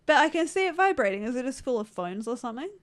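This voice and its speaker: A young-sounding woman joking around as a player in a live tabletop game. Her voice sits a little high. She is playful and teasing, and laughs often. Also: big pitch swings, quick pace. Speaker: player and co-host. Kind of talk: improvised tabletop role-play and casual chat.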